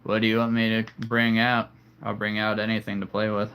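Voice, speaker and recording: A man's voice: on the low side, monotone, a little fast, fairly bright tone, smooth. A man hosting a casual livestream, chatting playfully with viewers and laughing at his own jokes. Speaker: livestream host.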